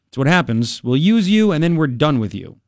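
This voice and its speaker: A man hosting a political talk radio show, combative and sarcastic, talking fast and loose with frequent asides. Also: on the high side, sing-song, a little mellow, dry recording, clean studio sound.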